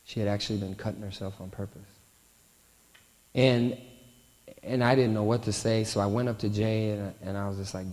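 A man preaching a sermon, telling a story and often softening his voice at tender moments. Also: fairly low pitch, steady tone, normal speed, long pauses. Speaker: pastor. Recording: long hall reverb.

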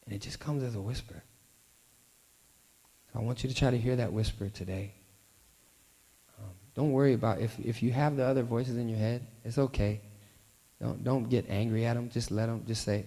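A man preaching a sermon, telling a story and often softening his voice at tender moments. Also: medium pitch, fairly even intonation, normal speed, creaky, pauses often. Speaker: pastor. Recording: long hall reverb.

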